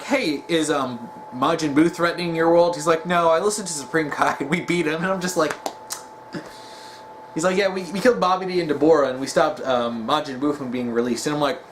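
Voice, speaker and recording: A young man chatting casually in a rambling commentary, leaning on fillers and quick chuckles. His voice is slightly high and very lively in pitch. Faint noise sits behind him. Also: rough recording. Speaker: video commentator.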